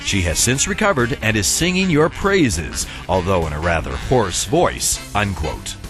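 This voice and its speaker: Male promo voice-over over loud music. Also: fairly low pitch, big pitch swings, unhurried. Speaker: promo narrator.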